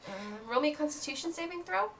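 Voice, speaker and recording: A woman running a family tabletop game as game master, telling the story in an animated and encouraging way. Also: high-pitched, quick pace, background noise.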